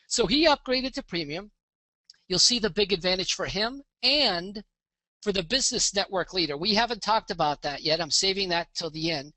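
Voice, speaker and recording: A man presenting a live online business pitch, walking through a website demo with an upbeat sales manner and frequent "okay?" check-ins. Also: animated, moderate pace, pushed and bright, no echo. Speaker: webinar presenter.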